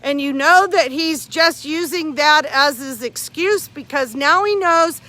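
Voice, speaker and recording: A woman's voice: high-pitched, a little slow, pushed and bright. A woman streaming live from her phone outdoors at night, narrating indignantly and taunting someone with short repeated phrases. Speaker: nonprofit volunteer live-streaming an incident. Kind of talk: live-streamed running commentary. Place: outdoors at night, near her parked car.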